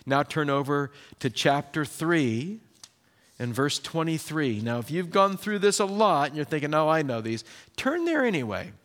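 A man preaching a sermon as pastor, in a lively, conversational way with quick bursts. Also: fairly high pitch.

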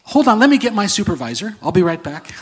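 A man voicing a flustered male angel clerk at heaven's gate, fussy and stammering, with a husky voice. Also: sits high, very animated, quick pace, pitched above the performer's own voice, heavily acted.

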